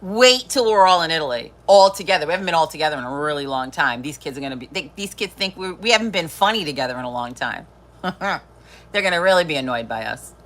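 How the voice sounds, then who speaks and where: A woman's voice: deep voice, expressive, fast, a bit bright. A middle-aged woman hosting a live stream, chatting casually, swearing freely and laughing often. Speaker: livestream host.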